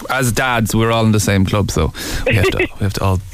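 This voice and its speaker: A man's voice: fairly low pitch, a little fast, smooth. An Irish man hosting a breakfast radio show, joking and laughing often as he quizzes a caller over a studio microphone. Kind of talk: lively radio banter.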